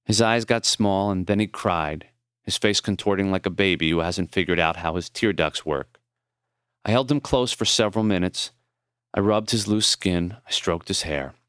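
A man narrates his own memoir for an audiobook in a low, smooth, resonant voice. His storytelling is measured and tender. The recording is close and dry, with no room sound. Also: fairly bright tone, no room sound.

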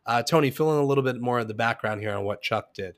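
A man's voice: mid-range voice, fast. A man co-hosting a casual podcast, laying out a news story in a hesitant, self-deprecating way with plenty of fillers. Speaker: podcast co-host. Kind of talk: casual chat.

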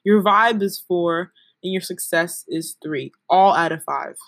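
A woman's voice: on the low side, measured pace, fairly bright tone, dry recording. A young woman, a podcast co-host chatting casually and telling stories, with many giggles and a lot of "like.". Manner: giggly, storytelling with lots of "like". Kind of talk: casual chat.

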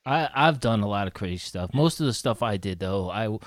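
A man's voice: fairly low pitch, expressive, brisk, no room sound, clean studio sound. Jokey man with a bouncy voice. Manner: jokey, slips into mock voices. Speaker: podcast co-host. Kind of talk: casual chat, storytelling.

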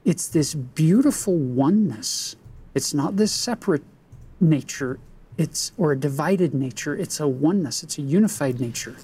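A man reading scripture aloud and commenting on it in a slow, emphatic, deliberate way. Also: a little high, animated, warm tone, slightly rough. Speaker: scripture teacher.

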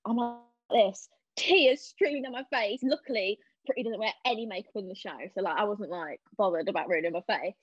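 A young woman chatting casually as a podcast guest, telling animated stories and acting out what people said. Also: on the high side, a little fast, few pauses, no echo. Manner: animated storyteller, acting out quotes. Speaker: podcast guest, stage actress. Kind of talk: casual chat. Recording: dull lo-fi sound.

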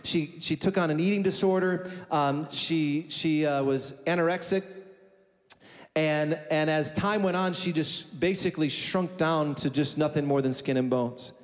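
A man's voice: on the high side, measured pace. A man preaching a sermon as pastor, telling a story emphatically and building to fervent declarations. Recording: echoey hall with soft music.

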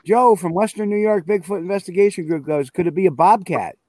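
A man's voice: high-pitched, brisk, a little mellow, no room sound. A man hosting a live outdoor investigation, talking casually and thinking aloud. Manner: talkative, thinks aloud, imitates animal calls. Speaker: field investigator hosting a live audio session. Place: outdoors at night with wind.

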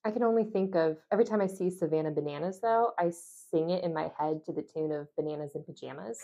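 A woman's voice: fairly low pitch, quick pace, dark tone. A woman co-hosting a trivia podcast, chatting casually with dry, wry asides. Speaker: trivia show co-host. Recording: dull lo-fi sound.

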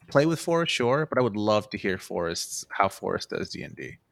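A man's voice: lowish voice, sing-song, a little fast, vocal fry, a bit bright. A man co-hosting a podcast in casual chat, rambling and laughing a lot. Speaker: podcast co-host.

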